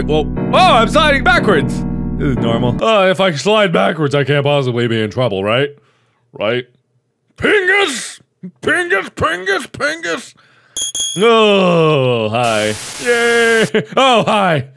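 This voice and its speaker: A man giving jokey, excitable commentary while playing a horror game, often yelping. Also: high-pitched, slow, creaky. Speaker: gaming commentator. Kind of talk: let's play commentary. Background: game music.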